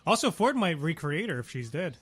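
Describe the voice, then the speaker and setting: A man with a high, lively voice trades short quips in a casual podcast chat. His voice is bright and swings up and down a lot. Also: brisk, husky. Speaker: podcast co-host.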